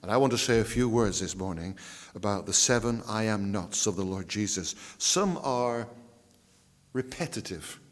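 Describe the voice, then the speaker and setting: Preacher guy, deepish voice, drags out words then goes real quiet, big echoey church sound. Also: animated. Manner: emphatic, drawn-out phrasing with dramatic drops to a hush. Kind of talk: sermon. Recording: reverberant church hall.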